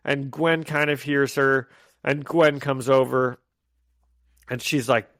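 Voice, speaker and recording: A man with a mid-range, clean-toned voice talks slowly while co-hosting a podcast, recorded dry with clean studio sound. Chatting casually about comic issues, he animatedly acts out the characters' dialogue in voices.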